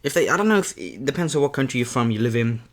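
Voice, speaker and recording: A man's voice: mid-range voice, animated, very fast. A young man vlogging a mukbang, talking casually and candidly between bites, rambling and often saying "man". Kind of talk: casual talk to camera while eating.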